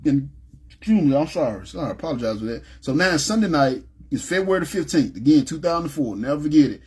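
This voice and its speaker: A man recounts his own life story in a quick, rapid-fire delivery. His voice sits a little high for a man and has a husky edge. He speaks casually, often checks in with the listener, and acts out what people said. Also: very animated, a little mellow. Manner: conversational, acts out quoted speech, frequent "you know what I'm saying". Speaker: man giving a personal testimony. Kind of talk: personal storytelling.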